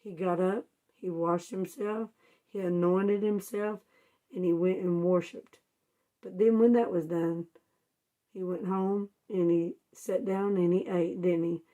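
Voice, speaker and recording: A woman's voice: fairly low pitch, fairly even intonation, a little slow, dark tone. A woman teaching children a Bible story in homespun, informal words, asking them questions and answering them herself. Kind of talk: storytelling Bible lesson for kids.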